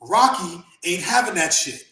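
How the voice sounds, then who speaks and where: A man hosting a podcast, telling profane, animated stories, laughing often and acting out the people he quotes. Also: high-pitched, normal speed. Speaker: podcast host and former wrestler. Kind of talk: casual storytelling chat. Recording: roomy echo.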